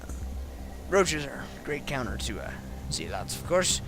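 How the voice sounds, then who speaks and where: A man's voice: medium pitch, big pitch swings, creaky, noisy background. A tired man who has been up all night, casually talking through his own game replay with lots of ums and restarts. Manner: halting, many ums and restarts.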